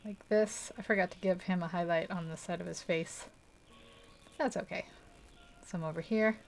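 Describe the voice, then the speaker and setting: A woman's voice: on the low side, steady tone, normal speed, vocal fry, faint music behind. A young woman hosting a live art stream, chatting casually and rambling while she paints, laughing often and poking fun at herself. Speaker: art livestream host.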